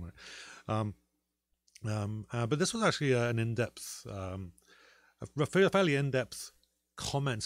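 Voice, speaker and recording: A man's voice: on the low side, no room sound. A man co-hosting a casual podcast, talking in a rambling way with many fillers and restarts. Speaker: podcast co-host.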